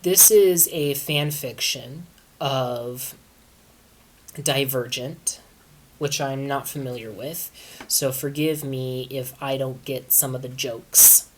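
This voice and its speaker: Slow, low-voiced deadpan woman reader. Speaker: reader of fan fiction. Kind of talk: reading fan fiction aloud.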